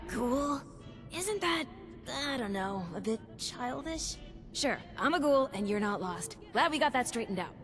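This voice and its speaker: Bouncy, sarcastic female ghoul scientist in a game, higher voice, lively sing-song delivery. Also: a little slow, soft background music. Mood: perky.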